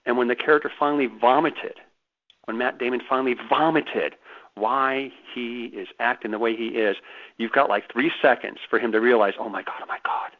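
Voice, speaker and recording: A man's voice: medium pitch, steady tone, normal speed. A man guest on a radio interview, telling stories animatedly and emphatically, often repeating his words. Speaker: guest author. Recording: phone-like radio line.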